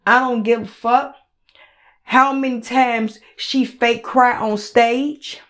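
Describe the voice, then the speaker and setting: A woman hosts her podcast alone, venting in a heated and openly profane way. She talks slowly and hammers her points home by repeating them. Her voice sits on the higher side. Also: fairly even intonation. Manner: heated, blunt and profane, repeats phrases for emphasis. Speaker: podcast host. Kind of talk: solo commentary rant.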